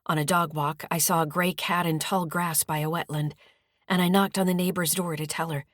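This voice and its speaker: A woman with a lowish voice narrates a first-person audiobook calmly and at a measured pace. The scripted reading is recorded close and dry, with no room sound.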